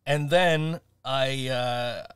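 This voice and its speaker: A man's voice: mid-range voice, drawn-out words, fairly bright tone, smooth, no echo, clean studio sound. A man co-hosting a casual podcast, laughing often and swearing casually. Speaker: podcast co-host. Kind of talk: casual chat.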